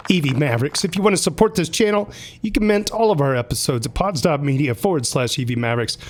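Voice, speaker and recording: A man hosting a casual livestream, upbeat and chatty, running through announcements and names. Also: on the high side. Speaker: livestream host.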